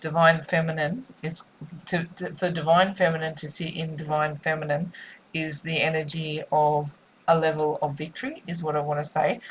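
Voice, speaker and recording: A woman's voice: low voice, steady tone, normal speed, a little hiss or hum, rough recording. A woman giving a spiritual tarot reading, musing and repetitive in a soothing way. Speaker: tarot reader.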